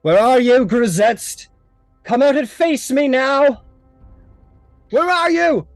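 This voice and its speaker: Man playing a furious archfey queen, shouting, high-pitched, commanding. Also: takes it slowly, no room sound, faint music behind, full character voice. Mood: enraged.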